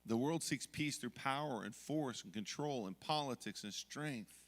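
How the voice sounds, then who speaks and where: A middle-aged man preaching a sermon as pastor, telling stories from family life and acting out yelling moments. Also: mid-range voice, moderate pace, in a large hall. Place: church sanctuary.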